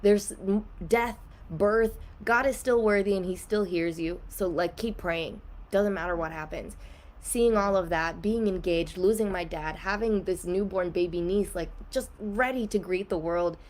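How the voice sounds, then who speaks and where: A woman's voice: lowish voice, measured pace. A young woman guest on a podcast, candidly telling an emotional personal story in a casual way, with many "like" fillers.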